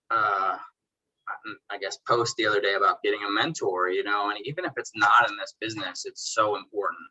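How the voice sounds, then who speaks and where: This detailing business owner, guesting on a podcast for a casual chat, spins stories by voicing both sides of past conversations with animated, easygoing slang, calling people bro and dude. His voice is fairly low, and the recording has its highs cut off.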